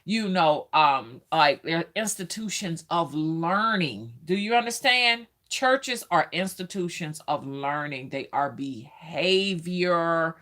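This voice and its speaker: A woman with a Southern US accent, hosting a casual live stream, chatting, greeting viewers by name and pausing often with "um". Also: low-pitched, lively intonation, fairly bright tone. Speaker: livestream host.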